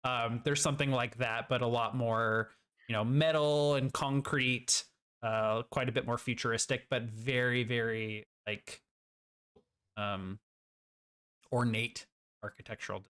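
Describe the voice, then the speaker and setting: A man's voice: mid-range voice, fairly even intonation, measured pace, fairly bright tone, clean tone. A man narrating as game master, rambling and searching for words with lots of fillers.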